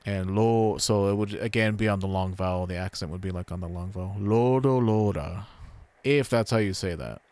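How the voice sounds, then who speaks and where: A man streaming a game, casually explaining Japanese pronunciation and repeating words slowly as he thinks aloud. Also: low-pitched, fairly even intonation, a little mellow. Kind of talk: casual gameplay commentary.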